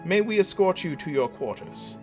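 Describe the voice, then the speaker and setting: A man's voice: high voice, animated, moderate pace, darkish tone, faint music behind, voice pushed up. A man voicing a polite male half-orc manservant who formally welcomes honored guests aboard a ship. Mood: courteous.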